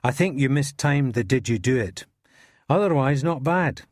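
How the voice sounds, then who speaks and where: A man's voice: mid-range voice, lively intonation, moderate pace, no echo, natural voice. An actor playing a cynical male police inspector giving a dry, wry verdict.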